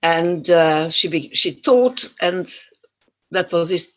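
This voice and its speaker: A woman's voice: fairly low pitch, animated, takes it slowly, highs cut off. An older woman with a Central European accent, giving a talk and telling her life story with wry humor. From Yugoslavia. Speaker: guest speaker. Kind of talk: talk to an online audience.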